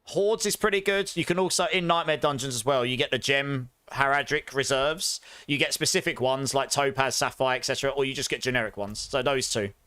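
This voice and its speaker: A man's voice: medium pitch, brisk, few pauses, sharp tone, smooth, no room sound, clean studio sound. Chatty man streaming a game. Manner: chatty, upbeat, announcing giveaway winners. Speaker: streamer host. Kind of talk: live game stream chat.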